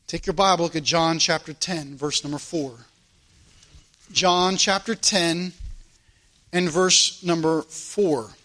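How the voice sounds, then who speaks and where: A man's voice: on the high side, fairly even intonation, slow, pauses often, pushed and bright. A man preaching a sermon, folksy and emphatic, reading scripture aloud and acting out the people in the story. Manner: folksy, acts out Bible characters, emphatic.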